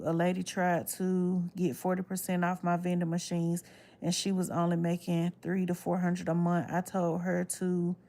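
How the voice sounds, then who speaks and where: A woman, casually telling viewers a story in a blunt, animated way and swearing freely. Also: lowish voice. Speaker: livestreamer talking to viewers.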